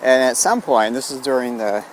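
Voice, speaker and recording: A man's voice: mid-range voice, animated, normal speed, a little hiss or hum. A man telling a rambling story outdoors, meandering with frequent restarts and fillers. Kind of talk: rambling spoken tale.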